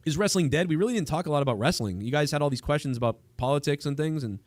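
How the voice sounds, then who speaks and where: A man's voice: on the high side, animated, very fast, no room sound. A man hosting a livestream in casual chat, rambling with frequent restarts and trailing thoughts. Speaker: livestream host.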